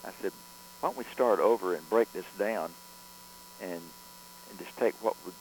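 A man, a record producer, telling studio stories in a relaxed interview, rambling with frequent restarts and fillers. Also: low-pitched, normal speed, a little hiss or hum, rough recording. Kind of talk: conversational storytelling interview.

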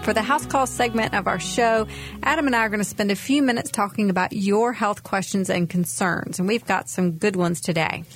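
A woman, a doctor co-hosting a radio health talk show, presenting segments in a friendly, brisk manner. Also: mid-range voice, soft background music. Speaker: co-host, physician.

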